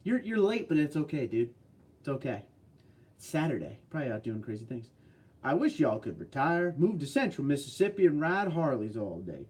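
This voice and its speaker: A man's voice: medium pitch, a little mellow. A man hosting a casual livestream, reading out chat messages in a laid-back way, tired from little sleep but upbeat and chuckling often. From New Jersey, US. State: short on sleep.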